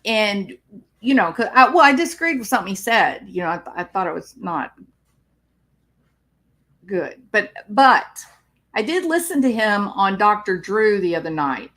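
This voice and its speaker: A woman's voice: mid-range voice, very animated, moderate pace, a bit bright. A woman psychologist talking on a live stream, explaining clinical topics and answering viewer comments.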